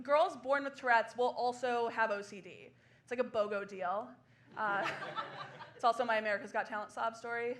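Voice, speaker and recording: A woman in her twenties performing a solo comedy show on a small theater stage, laughing through quick self-deprecating asides. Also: fairly high pitch, sharp tone. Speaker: stand-up comedian.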